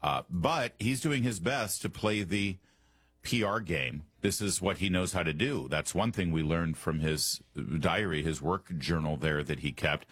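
A man with a deep, husky voice hosts a talk radio show, speaking close to a studio microphone in a dry, deadened room. His commentary is sarcastic and mocking, with a pointed edge to each remark. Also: measured pace, fairly bright tone, dry recording.

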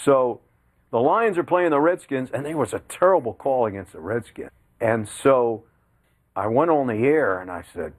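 A man's voice: mid-range voice, normal speed. An older man, a veteran sportscaster, telling anecdotes as a guest and acting out quotes. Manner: lively storyteller, acts out quotes. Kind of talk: anecdotal storytelling.

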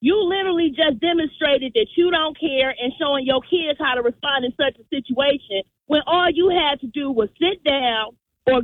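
A woman's voice: high-pitched, no room sound. A woman calling in to a radio talk show, telling a story with acted-out voices. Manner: animated storyteller, acts out voices. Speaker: radio caller. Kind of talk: storytelling call-in. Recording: tinny phone line, dry.

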